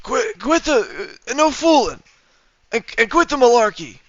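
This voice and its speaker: A man puts on a tired, senile old politician. The voice sits far higher than his natural one, with a thin, aged timbre. It drags along in halting, stumbling phrases, captured as slightly dull stream audio. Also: big pitch swings, fairly bright tone, no room sound, full character voice. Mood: scolding. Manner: halting, stumbling, drawn-out delivery.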